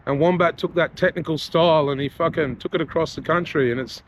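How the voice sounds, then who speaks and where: This Aussie vlogger and rapper has a highish voice and talks a little fast, strolling a town street and mall in a laid-back, heartfelt vlog. He leans constantly on "you know," and the noisy outdoor audio sounds muffled.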